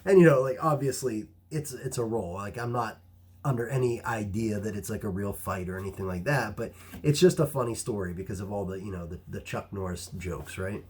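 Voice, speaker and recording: Husky-voiced man telling a story. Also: fairly low pitch, fairly quick. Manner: animated, many restarts and fillers. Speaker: martial arts instructor. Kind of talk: casual storytelling to camera. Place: Ohio.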